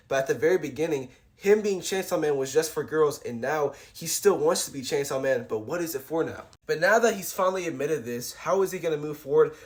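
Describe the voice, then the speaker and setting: A man casually summarizing a comic chapter, often saying "like" and "guys". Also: a little high. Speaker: manga recap creator.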